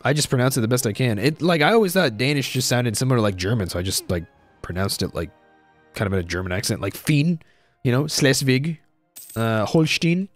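A man's voice: fairly low pitch, quick pace, faint music behind. A young man giving casual let's-play commentary on a strategy game, thinking aloud, repeating himself and saying "dude".

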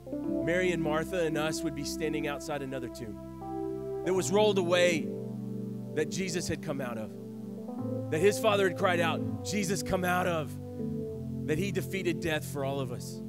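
A man in a church performing a dramatic first-person monologue, earnest and storytelling, hushed one moment and rising the next. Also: fairly high pitch. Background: music.

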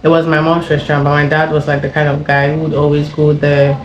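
A woman's voice: low-pitched, completely flat delivery, fast, dull audio, slight background noise. A young woman from Ghana, a YouTuber telling a casual story-time tale, chatty and rambling with many fillers and laughs. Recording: echoey room with faint ambience.

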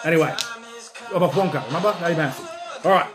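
An Australian man reviewing hot sauces in a loud, jokey, whooping livestream style. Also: a little high, fast talker.

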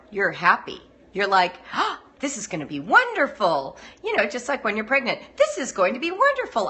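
A woman's voice: medium pitch, sharp tone, slightly rough. A middle-aged woman giving a chatty live-streamed talk to home-educating parents, laughing often as she goes.

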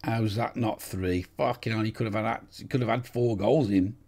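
A man talks through a football management game in a rough, gravelly voice with a dark, husky tone. He is excitable and swears freely, shouting encouragement and complaints at players who cannot hear him. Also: lowish voice, moderate pace. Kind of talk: casual live game commentary.

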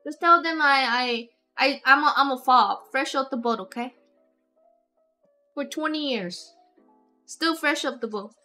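A woman's voice: sits high, a little slow, pauses often, pushed and bright, soft background music. A woman streamer, chatting casually and rambling with many restarts and giggles. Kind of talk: casual live-stream chat.

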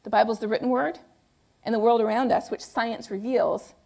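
A woman's voice: a little high, fairly even intonation, moderate pace, vocal fry, a little mellow. A woman giving a public lecture with slides. She talks in a conversational, emphatic way and often asks rhetorical questions that she answers herself. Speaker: guest lecturer.

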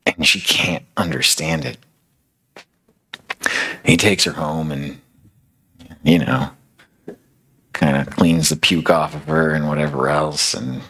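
A man's voice: a bass voice, slow, creaky, long pauses, bright, forceful tone, husky. A man preaching a sermon, retelling a story in a casual, conversational way with many fillers.

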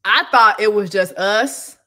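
A woman hosting a casual celebrity gossip show, talking loud and profane, laughing often and reading viewer comments aloud. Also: mid-range voice, a little slow. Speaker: show host.

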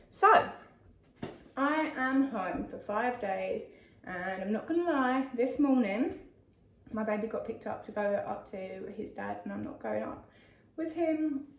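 A woman's voice: on the high side, a little mellow. Rambling young woman, echoey and distant. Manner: rambling and chatty, with many "like" fillers and self-deprecating asides. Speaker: vlogger. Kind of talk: casual vlog chat. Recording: echoey, distant mic, faint noise.

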